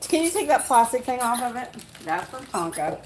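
A woman's voice: on the high side, big pitch swings, brisk, noisy background. Gushing woman chatting with her dogs. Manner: gushing, sing-song talk to the dogs. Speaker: pet channel host. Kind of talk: casual live-stream chat.

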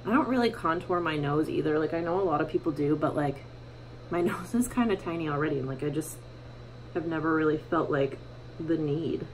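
A woman's voice: sits low, brisk, slight background noise, rough recording. A young woman chatting casually through a makeup tutorial at home in her bathroom, full of fillers and self-mocking asides. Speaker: beauty vlogger.

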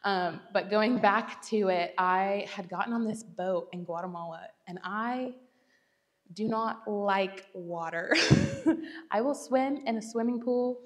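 A woman's voice: medium pitch, slow pace. A young woman, giving a chatty, self-deprecating Bible talk with frequent laughter. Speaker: church speaker. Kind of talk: casual Bible teaching talk.

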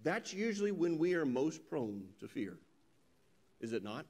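A male preacher giving a sermon, telling a scripture story with animated delivery and reading verses slowly and solemnly. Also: on the high side. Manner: animated storytelling, voices quoted characters.

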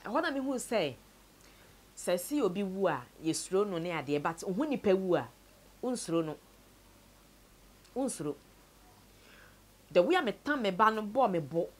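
Telling a sad personal story to the camera as an interviewee, this Ghanaian woman moves between Twi and English while her voice frequently sinks quiet and low. She is very animated, speaks at a moderate pace, and pauses often.

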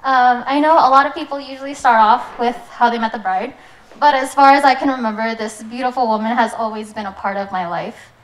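A woman's voice: on the high side, fairly quick, poor audio. Earnest young woman giving a wedding speech.

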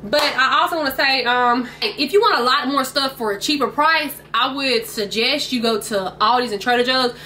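Bright chatty woman vlogging. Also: high-pitched, normal speed, few pauses, slight background noise. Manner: chatty, keeps addressing viewers as y'all. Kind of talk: casual grocery haul chat. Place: at home, indoors. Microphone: camera mic.

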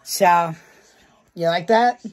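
A woman's voice: lowish voice, takes it slowly, no echo. A woman from the United States talking to viewers in a casual vlog, blunt and heavily profane. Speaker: vlogger. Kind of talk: casual vlog talk to camera.

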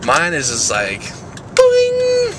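A man's voice: medium pitch, expressive, measured pace, noisy background. A young man vlogging casually, joking, rambling and making fun of himself. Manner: joking, rambling, self-mocking. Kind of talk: casual vlog.

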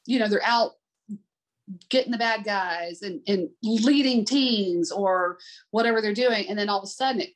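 A woman's voice: medium pitch, normal speed. A woman working as an adaptive sports swim coach, telling candid, heartfelt stories in an interview. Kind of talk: conversational interview storytelling.

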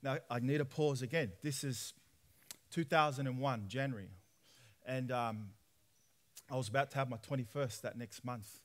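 A man, preaching a personal testimony sermon in lively storytelling style, acting out dialogue. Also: mid-range voice, moderate pace, long pauses. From Australia. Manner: animated storytelling, acts out dialogue with laughs.

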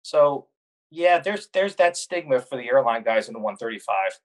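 Brief: middle-aged male guest spinning lively anecdotes, mid-pitched, dry and close. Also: normal speed, no room sound. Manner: animated storyteller, laughs at his own tales. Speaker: guest, corporate pilot. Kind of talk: casual storytelling chat.

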